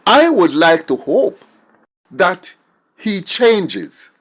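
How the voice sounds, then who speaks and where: A man's voice: high-pitched, sing-song, extremely slow, fairly bright tone. A middle-aged Jamaican man giving an emphatic, indignant opinion monologue and slipping between English and patois. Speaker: commentator.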